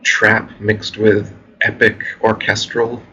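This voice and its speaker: Monotone, calm man with a bright voice. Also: on the low side, slow, breathy edge, muffled recording. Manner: monotone, calm and laid-back. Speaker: interview guest, musician. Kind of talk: casual conversation.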